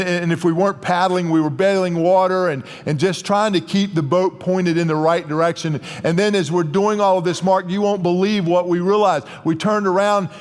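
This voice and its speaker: A man voicing an excited adult fisherman eagerly retelling a wild storm at sea, with a breathless, rambling delivery. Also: sits high, big-room sound, pitched above the performer's own voice, lightly acted. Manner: breathless eager storytelling, filler-heavy.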